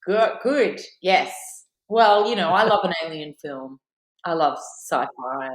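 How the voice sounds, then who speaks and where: An Australian woman with a fairly low voice tells stories as a podcast guest, animated and playing out quoted lines. Her voice carries the echo of a roomy space. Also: takes it slowly. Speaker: actress, guest. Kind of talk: casual interview, anecdote telling.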